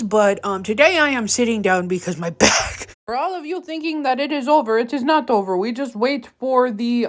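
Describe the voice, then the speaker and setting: A woman's voice: fairly high pitch, fairly bright tone. A young woman casually narrating a home cooking vlog in her kitchen, joking and rambling with offhand asides. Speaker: home cook.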